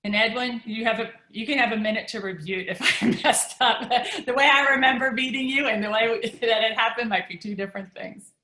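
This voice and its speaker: Woman, storyteller, chatty, laughing, many ums, bright voice, echoey room over video call. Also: fairly high pitch, fairly quick, few pauses. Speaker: speaker at a design event. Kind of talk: personal story talk.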